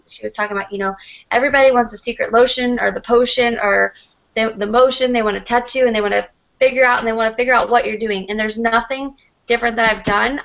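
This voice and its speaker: Flat gravelly woman on a muffled call. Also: mid-range voice. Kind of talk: casual group call.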